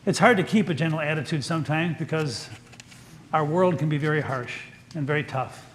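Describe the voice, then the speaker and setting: An older man preaching a sermon as pastor in a church, telling stories in a gentle, folksy, earnest way. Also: on the high side, brisk, slight background noise.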